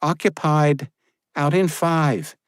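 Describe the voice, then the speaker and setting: A fierce, caring young woman medic, spoken high and quick to tease, as a man puts her on. Her lines are lifted well above a deep male reading voice and heard close and dry. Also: lively intonation, no echo, close to an everyday voice. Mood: playful. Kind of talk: audiobook character reading.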